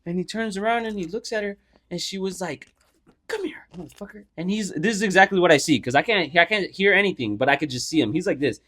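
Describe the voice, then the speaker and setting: A young male co-host shares a profane tale on his podcast, speaking fast in a high-pitched voice and animatedly bringing the story's people to life.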